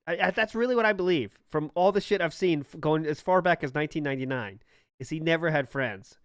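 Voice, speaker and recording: A man's voice: on the high side, fast talker, dry recording. Blunt, swearing man on a dry close mic. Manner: blunt, swears often, acts out quoted lines. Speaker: podcast co-host. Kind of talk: casual podcast chat.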